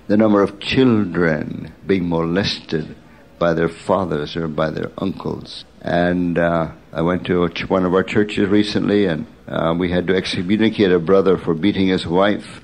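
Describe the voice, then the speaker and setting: An older man preaching as a pastor, telling mission stories with sudden excited bursts and slow, hushed emphasis. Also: deep voice. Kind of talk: sermon.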